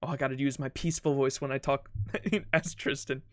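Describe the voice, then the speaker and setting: A man's voice: mid-range voice, steady tone, a little fast, dry recording, clean studio sound. Chatty young man streaming a game. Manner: chatty, upbeat, laughs easily. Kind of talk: casual live game commentary.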